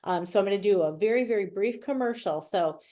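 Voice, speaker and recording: A woman's voice: mid-range voice, quick pace, mellow. A middle-aged woman with a Wisconsin accent giving a chatty, playful presentation over a video call. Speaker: guest speaker. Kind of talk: virtual presentation.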